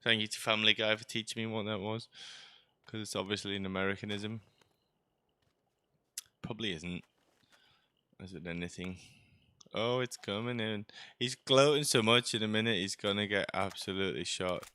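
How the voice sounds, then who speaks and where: Male streamer, joking rambler, lowish voice, clear and close. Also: normal speed, long pauses, pushed and bright. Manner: chatty, joking, sarcastic asides. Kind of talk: rambling gameplay commentary.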